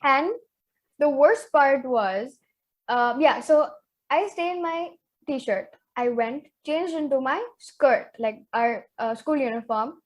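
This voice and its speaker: A teenage girl with a bright, high voice tells stories in a casual podcast chat. She acts out what everyone said, full of drama. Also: slow pace. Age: teens. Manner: animated, dramatic retelling with quoted voices. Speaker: podcast co-host.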